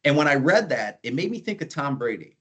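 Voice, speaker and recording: A man's voice: a little high, big pitch swings, brisk, a bit bright. Storytelling man giving a sales talk. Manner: conversational, frequent restarts and "right?" asides. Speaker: sales trainer.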